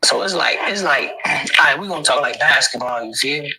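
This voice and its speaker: A man's voice: mid-range voice, animated, fairly quick, pushed and bright, slight background noise, rough recording. A man being interviewed, talking in a laid-back, rambling way with constant slang fillers. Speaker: interview guest. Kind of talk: casual street interview.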